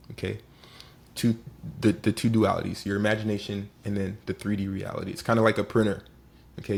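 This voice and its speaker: A man giving a casual motivational talk as host, animated and acting out little scenes. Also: fairly low pitch, creaky.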